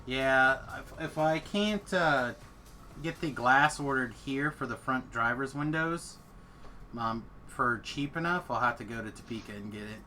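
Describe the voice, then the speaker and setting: A man's voice: medium pitch, a little slow, a little hiss or hum. A man streaming a game and chatting casually, telling stories with lots of laughter. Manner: animated storyteller, laughs often. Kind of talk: casual chat while gaming.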